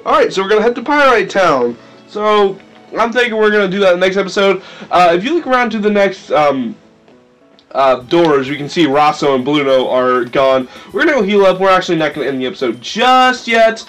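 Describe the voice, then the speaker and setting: A man's voice: sits high, animated, fairly quick, a bit bright, low-quality recording. A man hosting a let's play, rambling and self-deprecating in casual commentary over faint game music. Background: faint video game music.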